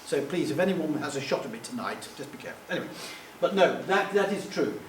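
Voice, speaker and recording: A man's voice: on the high side, lively intonation, quick pace. A man giving a live talk to an audience, rambling and self-deprecating, with jokey asides. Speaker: public speaker. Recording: echoey room, distant mic, faint hum.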